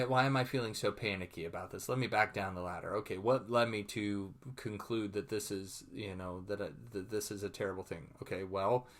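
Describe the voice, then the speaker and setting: A man's voice: fairly low pitch, a bit bright. A man giving a recorded online lecture, speaking conversationally with many repeated words and acting out his own thoughts.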